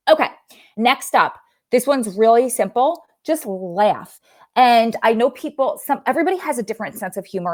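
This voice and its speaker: A woman's voice: fairly low pitch, a little mellow. A young woman hosting a casual livestream chat, chatty and rambling, sometimes losing her train of thought. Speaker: livestream host.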